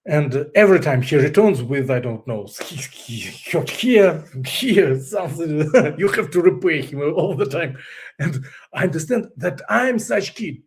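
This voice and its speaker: Halting Russian-accented man telling his story. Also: a little high, expressive. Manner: halting, searches for English words, laughs often. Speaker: guest. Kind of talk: candid personal story.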